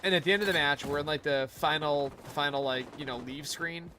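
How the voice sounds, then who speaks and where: A male streamer rambles through a profane story while playing, in a voice pitched a little high. Game gunfire rings out clearly behind him throughout. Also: brisk, background noise. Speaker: gaming streamer. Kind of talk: casual gaming commentary.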